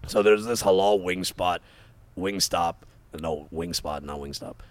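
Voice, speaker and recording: Young man, low voice, dry close sound, animated storyteller. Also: measured pace, dry recording. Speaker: storyteller among friends. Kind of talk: casual podcast chat.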